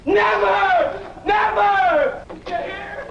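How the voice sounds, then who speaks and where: An actor playing a stubborn, disturbed young man who refuses to leave and repeats himself in frantic shouts, in 1970s TV movie acting on a dull, lo-fi old film soundtrack. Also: medium pitch, sing-song, moderate pace, a crowd in the background, background noise.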